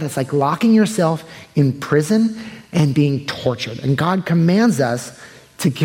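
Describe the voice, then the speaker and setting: A man preaching a sermon in a relaxed, chatty way that often softens into quiet earnestness. His voice sits a little higher than most men's. It rings out with a long reverb through a church sanctuary. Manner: casual, conversational preaching that shifts to soft and earnest. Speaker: pastor.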